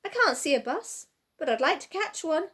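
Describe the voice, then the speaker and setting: A woman voicing a loud, muddled old man pedlar who yells in a shrill voice and mishears everything. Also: big pitch swings, moderate pace. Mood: cheerful.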